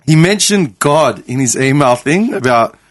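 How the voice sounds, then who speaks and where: A young man of Greek family hosting a casual podcast chat, animated and swearing freely as he retells conversations. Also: medium pitch, a little slow, no room sound. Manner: animated storyteller, swears freely, quotes others. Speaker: podcast host.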